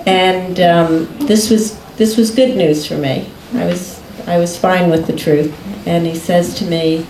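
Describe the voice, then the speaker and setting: Slow, unhurried woman telling a story. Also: fairly low pitch, darkish tone, a little hiss or hum. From United States. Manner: unhurried, often breaking into laughter. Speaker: guest recounting a personal story. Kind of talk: storytelling in conversation. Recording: echoey room.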